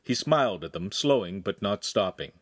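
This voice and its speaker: Low-voiced man reading a novel aloud. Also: animated, normal speed, no echo, clean studio sound. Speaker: audiobook reader. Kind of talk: scripted narration.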